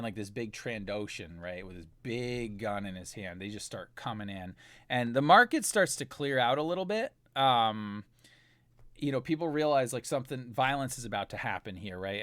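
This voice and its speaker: A man's voice: lowish voice, fairly bright tone, dry recording. A man narrating a tabletop role-playing game as game master, talking in a loose, rambling way full of fillers.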